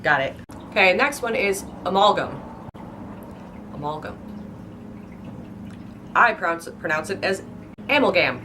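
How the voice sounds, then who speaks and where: A woman's voice: medium pitch, fairly quick, noisy background. A woman book vlogger rambling casually and playfully, stretching out words and exaggerating how they sound. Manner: hyper, playful, exaggerated pronunciations.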